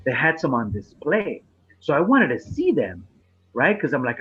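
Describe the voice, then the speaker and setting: A man, a comedian, casually telling a profane story on a podcast, getting animated and laughing through the punchline. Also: on the high side, normal speed, slightly rough, highs cut off.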